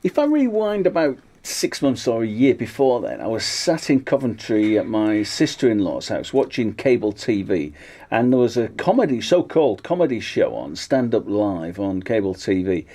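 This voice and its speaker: A man's voice: lowish voice, big pitch swings, normal speed, mellow. A man, a comedian guest on a radio show, telling wry anecdotes with plenty of fillers. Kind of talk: casual interview chat.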